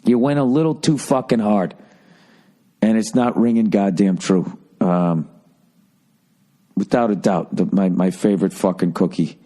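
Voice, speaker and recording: A man's voice: lowish voice, a little slow, long pauses, mellow. Profane, rambling man ranting to a podcast mic. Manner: profane, self-deprecating storytelling; loose, rambling, restarts mid-sentence. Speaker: podcast host. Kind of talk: casual comedic rant.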